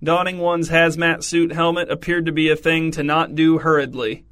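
A man narrates a comic story in a wry, deadpan manner. His voice sits a bit high and bright. He keeps a flat, even contour throughout. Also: moderate pace. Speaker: audiobook narrator.

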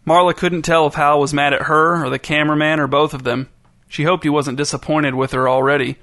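A man reading a story aloud in a measured, deadpan narration. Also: a little high, dry recording. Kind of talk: scripted narration.

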